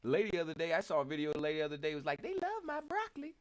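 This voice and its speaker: A man's voice: a little high, fairly even intonation, racing, clean tone, poor audio. A man hosting a casual show, reacting to video clips in a laid-back, slangy way.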